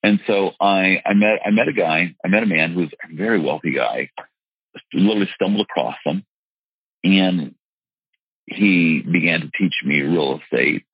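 A man with a very low, gravelly, husky voice tells his life story in an interview. He is earnest and emphatic, stumbling into restarts and leaning on his words. The recording is dull and dry. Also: normal speed, no echo. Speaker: real estate investor and seminar teacher. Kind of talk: candid personal storytelling in an interview.

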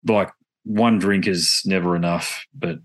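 A man's voice: deep voice, steady tone, a little slow. An Australian man hosting a podcast, chatting casually and telling rambling stories that he keeps correcting as he goes. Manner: rambling, self-correcting storyteller. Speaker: podcast host. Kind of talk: casual chat.

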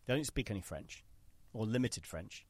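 Joking podcast host. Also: male voice, lowish voice, lively intonation, moderate pace, a little mellow, breathy edge, dry recording. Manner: joking, swears, acts out quotes. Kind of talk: casual podcast chat.

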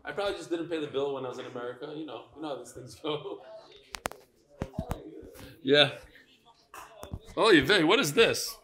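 Guy hosting a live chat, voice a bit high, teasing folks by name. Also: animated, moderate pace, long pauses, bright, forceful tone, a little hiss or hum. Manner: chatty, teasing, greets viewers by name. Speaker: host of a live online talk. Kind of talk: casual chat with viewers.

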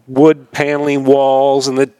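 A man's voice: medium pitch, completely flat delivery, measured pace, dark tone, smooth, dry recording. Laid-back man telling racing stories. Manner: laid-back, rambling, laughs often, acts out quoted voices. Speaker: podcast guest, retired motocross racer. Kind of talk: casual storytelling interview.

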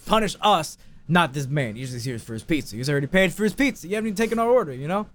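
A man voicing a respectful male mob boss who pleads calmly and repeats himself. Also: on the high side, racing. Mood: pleading. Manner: repetitive, earnest pleading.

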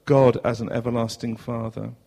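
A man with a southern English accent preaching a sermon as pastor in a church, earnest, asking rhetorical questions and moving between loud and hushed passages. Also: medium pitch, level tone, moderate pace, vocal fry. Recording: long hall reverb.

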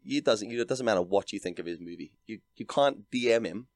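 Fast-talking deep-voiced Northern Irish man. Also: dry recording. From Northern Ireland. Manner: dry, deadpan storytelling with lots of "like". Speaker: podcast guest, content creator. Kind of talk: casual chat.

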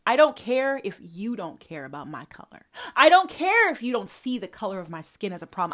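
A woman's voice: mid-range voice, sing-song, a little fast, hardly any pauses, fairly bright tone. A woman hosting a personal podcast, talking straight to her mother in a profane, confrontational and emphatic way. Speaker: podcast host.

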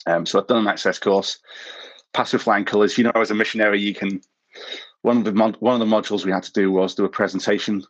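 A man's voice: on the low side, fairly even intonation, fast, muffled recording. A man born in South Africa, a podcast guest telling long, self-mocking stories in casual interview talk, often chuckling at himself. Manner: rambling storyteller, self-mocking, chuckles at his own stories. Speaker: podcast guest, former missionary.

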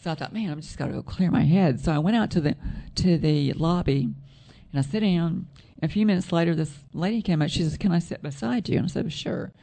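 A woman telling a personal story in casual chat, soft-voiced, rambling and correcting herself as she goes. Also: lowish voice, a little fast, creaky. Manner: rambling, self-correcting storyteller with frequent laughs.

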